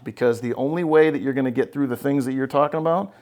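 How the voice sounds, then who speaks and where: A man's voice: mid-range voice, fast talker, darkish tone. A man hosting a podcast as a therapist, talking bluntly and with swearing, and often checking in with "right?". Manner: blunt, profane, emphatic, keeps checking with "right?". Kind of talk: casual podcast conversation.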